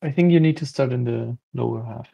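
A man's voice: medium pitch, fairly quick, vocal fry, slightly rough, dry recording, highs cut off. A man playing a board game, thinking aloud and explaining the rules to his opponent. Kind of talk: casual board game chat.

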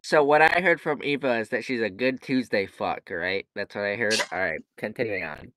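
A man's voice: lowish voice, moderate pace, background noise. A man co-hosting a comedy podcast, rambling and jokey with lots of fillers and restarts. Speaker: podcast co-host. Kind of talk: casual chat.

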